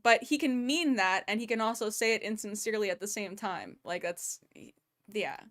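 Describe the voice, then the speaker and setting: A woman's voice: mid-range voice, moderate pace, fairly bright tone. A woman streamer giving casual, analytical commentary on a voice chat clip and speaking straight to her chat. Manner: analytical, talks to chat directly.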